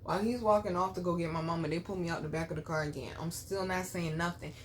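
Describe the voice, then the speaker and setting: Quick-paced and fairly even in intonation, this young female channel host has a lowish voice, with a little hiss or hum in the recording. Addressing her viewers straight on, she bluntly recounts a personal story with plenty of profanity.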